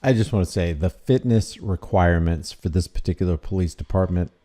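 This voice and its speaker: A man's voice: low voice, brisk, dark tone. A man giving impassioned, emphatic commentary over a video, with a fiery, preaching delivery.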